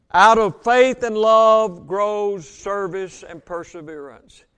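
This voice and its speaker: High-voiced preacher slowing for emphasis. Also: male voice, fairly bright tone, smooth. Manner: reads scripture aloud, slows for emphasis, asks congregation questions. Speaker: Baptist pastor. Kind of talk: sermon.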